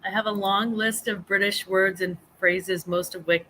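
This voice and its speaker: A middle-aged woman chats and rambles on her home live stream, laughing often and restarting sentences as she reads comments aloud. Her voice is bright and lively, with a faint hiss of room noise behind her. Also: medium pitch, normal speed. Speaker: host of a live chat stream. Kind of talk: casual live-stream chat reading comments.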